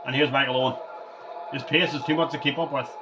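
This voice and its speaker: A man's voice: mid-range voice, fairly even intonation, quick pace, lo-fi sound, noisy background. A man vlogging over gameplay in a rambling casual way, often stumbling and repeating words. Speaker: gaming vlogger.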